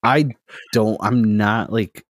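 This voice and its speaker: A man's voice: fairly low pitch, takes it slowly, slight background noise. A man in his thirties, a podcast guest in casual chat, telling long anecdotes full of acted-out quotes. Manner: rambling storyteller, heavy on "I was like" quotes.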